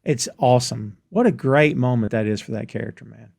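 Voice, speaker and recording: Animated man recapping scenes, dry sound. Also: mid-range voice, fairly quick, creaky, no room sound. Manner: animated storyteller recounting scenes. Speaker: podcast host. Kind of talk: casual recap chat.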